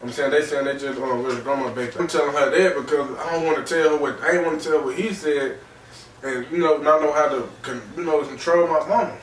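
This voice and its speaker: A man hosting a podcast, recounting a personal story in a halting way, repeating phrases and filling gaps with "man" and "you know.". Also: a little high, a little hiss or hum. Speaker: podcast host. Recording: roomy distant mic with faint ambience.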